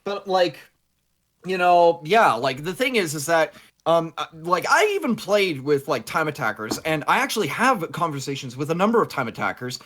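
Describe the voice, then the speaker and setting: A man from Canada chats casually about gaming. His pitch swings a lot as he tells stories and slips into playful voices. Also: normal speed. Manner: animated storyteller who puts on playful voices. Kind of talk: casual chat.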